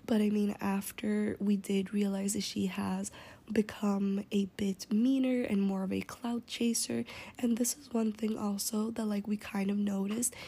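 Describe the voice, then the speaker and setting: A woman's voice: mid-range voice, level tone, a little slow, warm tone, breathy edge. A young woman telling a story in a casual, rambling way, often slipping into an unvoiced whisper, swearing and using lots of fillers.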